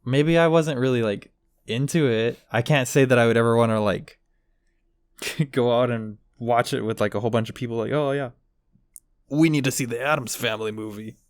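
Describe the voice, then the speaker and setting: A man's voice: mid-range voice, steady tone, normal speed, smooth, no room sound. Casual podcast co-host, male, chatty storyteller who does the quotes, dry sound. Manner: rambling, acts out quotes with voices. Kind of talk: casual chat.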